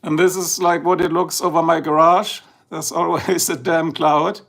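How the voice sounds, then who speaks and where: A man's voice: fairly high pitch, little pitch movement, normal speed, vocal fry, a bit bright. A middle-aged man with a German accent, chatting casually and rambling on a livestream, just woken up. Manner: chatty, rambling, switches between English and German. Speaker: livestream host.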